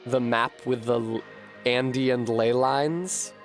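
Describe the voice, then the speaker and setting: Animated male streamer chatting while gaming. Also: mid-range voice, slow pace, soft background music. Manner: animated, swears freely, thinks aloud to chat. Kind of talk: casual live-stream chat while gaming.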